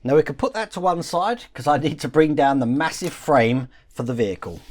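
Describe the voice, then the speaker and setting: A man hosting a model-building channel, calmly explaining each step of the build while he works with his hands. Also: medium pitch.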